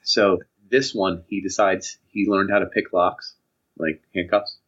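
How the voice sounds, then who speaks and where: A young man telling casual anecdotes on a podcast, animated and acting out the voices of people in his stories. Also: low voice, unhurried. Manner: animated, acts out voices in anecdotes, laughs often. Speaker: podcast co-host. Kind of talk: casual storytelling chat. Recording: dull lo-fi podcast audio.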